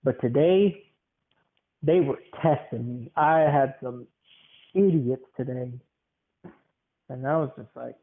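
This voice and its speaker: A man's voice: mid-range voice, takes it slowly, long pauses. Rambling man with a tinny, phone-like sound. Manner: rambling, repeats words, many fillers. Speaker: podcast host. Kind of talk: casual rambling monologue.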